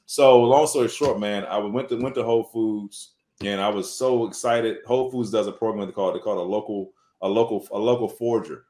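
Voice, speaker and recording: A food business owner appearing as a podcast guest tells an earnest, faith-filled story in a lowish, brisk male voice. His storytelling is animated and repetitive, peppered with casual words like "man" and "bruh."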